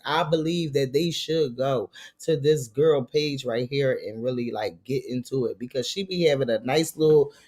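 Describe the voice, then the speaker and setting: A man's voice: on the high side, darkish tone. A male vlog host giving casual, rambling commentary full of slang.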